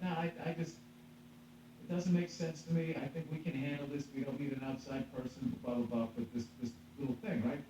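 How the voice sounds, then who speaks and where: Profane storytelling comedian in an echoey room. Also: male voice, on the high side, warm tone. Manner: profane, laughing, acts out quoted voices. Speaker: stand-up comedian. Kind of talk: casual podcast storytelling. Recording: echoey, distant, dull with faint hum.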